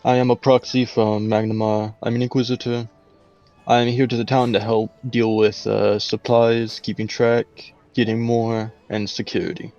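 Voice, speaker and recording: A man playing a tabletop game, speaking in character in a matter-of-fact, brisk way. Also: medium pitch, flat delivery, a little mellow, dull audio. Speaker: player.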